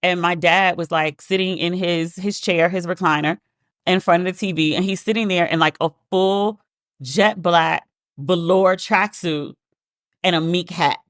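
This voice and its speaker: A woman hosting a podcast, telling casual stories in a chatty, animated way and acting out the voices of people she quotes. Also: fairly low pitch, unhurried, dry recording, clean studio sound. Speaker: podcast host. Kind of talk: casual storytelling monologue.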